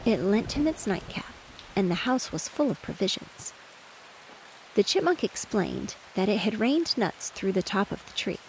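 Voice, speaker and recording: Lady reading a bedtime story, soft n steady, gravelly fry, rain in the back. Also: medium pitch, moderate pace, a little hiss or hum. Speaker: audiobook narrator. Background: rain and distant thunder.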